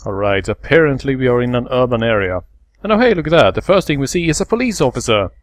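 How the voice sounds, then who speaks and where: A man hosting a let's play, calmly explaining game mechanics step by step in casual commentary. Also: mid-range voice, fast talker, no room sound.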